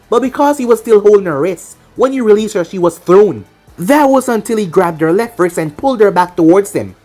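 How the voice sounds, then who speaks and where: Woman reading fan fiction, lively pitch.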